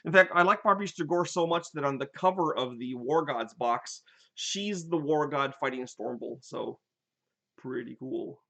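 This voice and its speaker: An older man with a fairly high voice chats casually on a live stream and drifts from topic to topic. He tells his gaming stories with lively energy and often breaks off to restart a sentence. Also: normal speed, creaky. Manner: animated storyteller, rambling with restarts. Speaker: game designer hosting a live chat.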